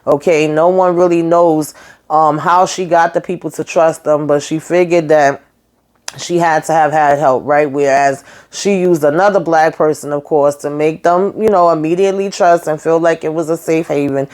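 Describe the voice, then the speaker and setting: A woman's voice: low voice, normal speed. A woman recapping a TV episode in a casual, chatty way. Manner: chatty, animated retelling with acted quotes and asides. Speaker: YouTube reviewer.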